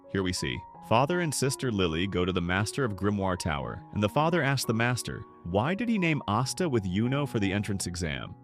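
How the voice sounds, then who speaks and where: Fast, animated male recap narrator. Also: on the low side. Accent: Indian English. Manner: quick, animated storytelling, quotes characters without changing voice.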